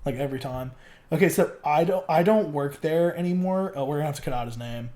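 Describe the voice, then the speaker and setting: A man's voice: fairly high pitch, quick pace, crowd noise. A young man talking casually as a podcast guest, rambling and filling his speech with "like". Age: young adult. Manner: rambling, loaded with fillers like "like" and swearing. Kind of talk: casual chat.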